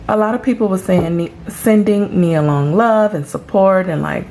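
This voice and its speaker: A woman's voice: mid-range voice, normal speed, few pauses, a little mellow, slight background noise. A woman hosting a celebrity gossip channel, chatting casually and emphatically with dramatic reactions.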